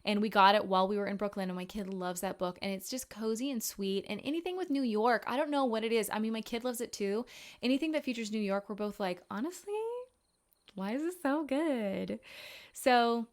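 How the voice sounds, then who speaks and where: A woman in her twenties hosting a casual podcast, talking frankly and profanely, rambling with quick asides and self-corrections. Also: mid-range voice. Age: 20s. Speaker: podcast host. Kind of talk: casual chat.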